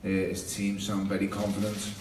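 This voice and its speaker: A man's voice: sits low, monotone, moderate pace. A man, a boxer at a press conference, talking bluntly and casually, joking and swearing as he answers. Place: hotel conference room. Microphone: room mic, heard from a distance. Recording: echoey room, distant mic, loud noise.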